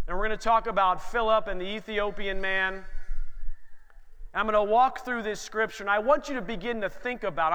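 Pastor, 30s, higher voice, lively storytelling sermon, echoing sanctuary. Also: male voice. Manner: animated storytelling, asks the room for amens. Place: church sanctuary. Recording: long hall reverb.

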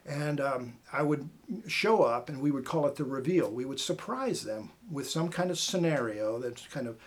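As a podcast guest, a middle-aged Mainer who used to host a TV hunting show shares casual stories, lively and acting out the voices of the characters he quotes. He speaks in a mid-range voice at normal speed.

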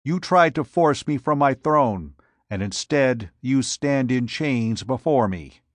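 A fierce warrior queen issues cold, snarling threats, put on by a man reading a pulp adventure aloud. The delivery is slow and measured. It is recorded dry and close, with no room sound. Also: mid-range voice, expressive, dry recording. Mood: cold, threatening. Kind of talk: audiobook narration.

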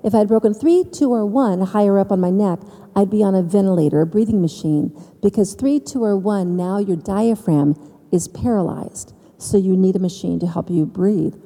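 A woman telling her personal faith story to an audience, with dramatic pauses and emphasis. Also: mid-range voice, mellow, in a large hall. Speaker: speaker giving faith testimony. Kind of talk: personal testimony speech.

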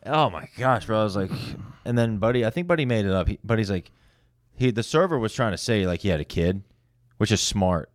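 Low, fast-talking man telling rambling stories. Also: expressive, dry recording, studio quality. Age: 30s. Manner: rambling storytelling, heavy swearing. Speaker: podcast co-host. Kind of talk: casual podcast banter.

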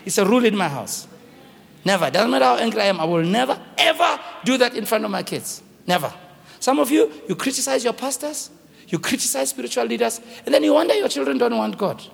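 A man's voice: very high-pitched, animated, fast talker, gravelly, breathy edge. A man preaching a sermon as pastor in a church hall, pleading and storytelling with passion. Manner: impassioned preaching with personal storytelling. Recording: long hall reverb.

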